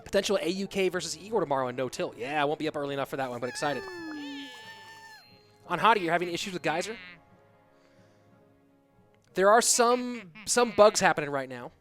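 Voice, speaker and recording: A man's voice: on the high side, animated, fairly quick, long pauses, fairly bright tone. A man casting a game tournament on a live stream, chatty and talking straight to his viewers. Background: music.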